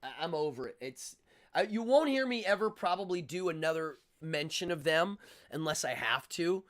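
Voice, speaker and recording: A man's voice: fairly high pitch, expressive, normal speed, fairly bright tone. A man hosting a livestream, chatting in a rambling, opinionated way with many fillers and restarts. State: out of breath. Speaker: livestream host. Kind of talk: casual livestream chat.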